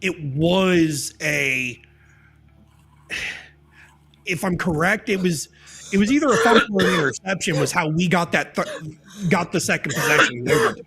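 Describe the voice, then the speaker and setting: A man's voice: on the high side, moderate pace, pauses often, bright, forceful tone, a little hiss or hum. A man co-hosting a podcast, talking in a loose, profane and rambling way as he chats casually. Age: adult parent. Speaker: podcast co-host.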